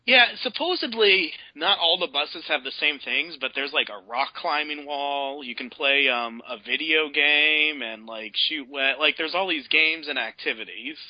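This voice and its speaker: A man's voice: a little high, measured pace, hardly any pauses, no room sound. Exasperated man telling a story on radio. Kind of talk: casual storytelling on a radio show. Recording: dull lo-fi radio broadcast.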